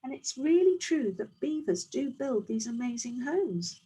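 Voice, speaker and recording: A woman teacher reading a picture book aloud to young children, slow and expressive, with friendly asides. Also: high voice, husky, poor audio. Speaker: early years teacher.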